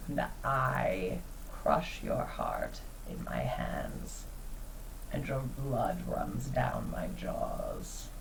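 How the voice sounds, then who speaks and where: A woman voicing a menacing older witch who threatens in a low, slow whisper. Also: wildly swooping pitch, vocal fry, a little hiss or hum, full character voice, rough recording.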